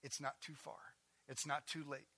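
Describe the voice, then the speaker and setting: High, bright-voiced preacher man. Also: normal speed, husky. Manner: swings from hushed intensity to loud, emphatic preaching; acts out quoted lines in a casual, animated voice. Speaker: pastor. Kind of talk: sermon.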